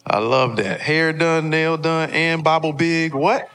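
A man's voice: on the high side, measured pace, fairly bright tone, clear, resonant tone. A young man preaching a sermon as a pastor in a church, joking and trading call-and-response with the congregation. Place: church sanctuary before a congregation.

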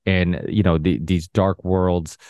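A man's voice: sits low, level tone, slow, darkish tone, dry recording, studio quality. A man guesting on a podcast, chatting casually in a loose, self-correcting way. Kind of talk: casual conversation.

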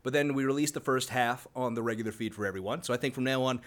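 A man's voice: medium pitch, quick pace. An American man co-hosting a podcast, chatting casually, laughing often and swearing freely. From United States. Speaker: podcast co-host.

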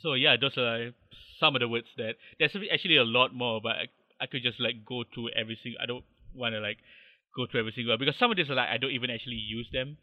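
A man's voice: medium pitch, fairly even intonation, quick pace, dry recording. A man from Malaysia, a podcast guest chatting casually and explaining slang with lots of fillers. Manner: chatty, many "like" fillers, laughs easily. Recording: dull lo-fi podcast mic.

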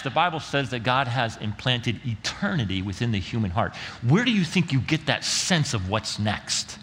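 A man's voice: medium pitch, big pitch swings, moderate pace, few pauses, fairly bright tone, big-room sound. A male pastor preaching a sermon in a conversational way, using casual slang and acting out quotes.

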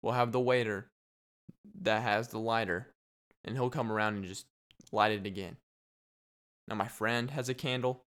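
Jokey rambling young man, smooth voice. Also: lowish voice, fairly even intonation, moderate pace, pauses often, fairly bright tone. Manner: rambling, jokey, laughs often. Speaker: podcast host. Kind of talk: casual solo podcast chat.

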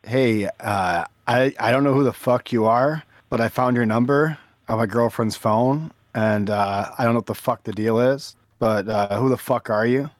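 A man's voice: medium pitch, normal speed, hardly any pauses, no echo, studio quality. A man on a prank call, acting tough with stammering, mock-aggressive threats. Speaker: prank caller.

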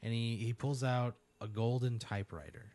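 A man hosting a podcast, telling an absurd story in a rambling, deadpan way with many fillers. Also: medium pitch, normal speed, no room sound. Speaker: podcast host. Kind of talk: casual comedic storytelling.

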